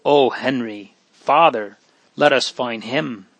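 A man reading the part of a grieving young girl, tearful and pleading, with his voice lifted higher than his narration. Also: steady tone, a little slow, a bit bright, dry recording, lightly acted. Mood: sobbing. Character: frantic grieving young girl, sobbing sister.

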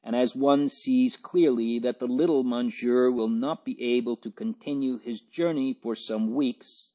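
A man voicing a burly, good-natured Frenchman who speaks gravely, formally and haltingly, on a dull lo-fi recording. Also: mid-range voice, steady tone, dark tone, pitched above the performer's own voice, close to an everyday voice.

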